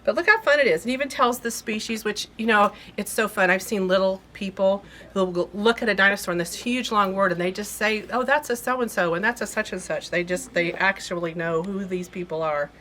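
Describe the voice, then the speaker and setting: A woman's voice: medium pitch, fairly quick, few pauses, a bit bright, a little hiss or hum. A woman hosting a casual product showcase in a fabric shop, chatty and gushing with enthusiasm. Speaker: quilt shop host.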